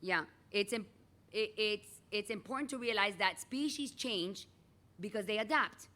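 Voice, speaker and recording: A middle-aged woman teacher giving a chatty, animated lecture in a classroom and calling on students by name. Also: medium pitch, moderate pace.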